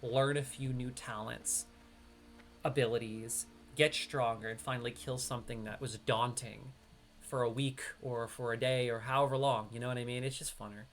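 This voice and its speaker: Faint music plays behind a male streamer from upstate New York as he speaks at normal speed with a medium-pitched voice. He keeps up lively, slang-heavy banter with a teammate while gaming online.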